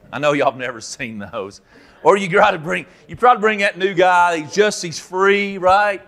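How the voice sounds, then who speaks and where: A man preaching a Bible teaching, telling stories and acting out characters with sudden loud outbursts. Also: sits high, moderate pace. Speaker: pastor. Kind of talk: sermon teaching.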